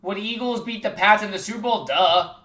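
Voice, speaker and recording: A man's voice: sits high, a little fast, sharp tone. Brash trash-talking streamer guy, roomy sound. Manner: brash trash-talking, calls everyone bro. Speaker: sports livestreamer. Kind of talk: casual live chat with viewers.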